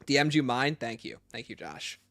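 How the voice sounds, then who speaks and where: A man's voice: medium pitch, very animated, normal speed, a bit bright, no room sound, studio quality. A man hosting a casual livestream, reading viewer chat aloud and answering with blunt, opinionated takes. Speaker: livestream host.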